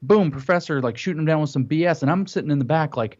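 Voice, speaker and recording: A man tells a story in an animated way during casual chat and acts out what other people said. His voice sits a little high. The audio is dull and lo-fi. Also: very fast, hardly any pauses.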